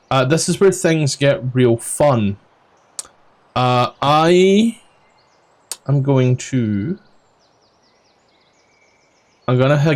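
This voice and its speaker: A Scottish man in the dungeon master's seat recaps the last session in a loose, rambling way, peppered with ums and the odd swear. His voice sits at an ordinary middle pitch. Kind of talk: casual tabletop game recap.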